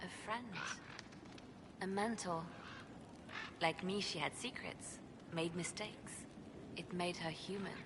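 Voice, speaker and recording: A woman voicing a composed female spymaster in a video game, speaking in a calm, measured, quietly intense way. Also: fairly low pitch. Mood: reflective. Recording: game audio with ambient noise.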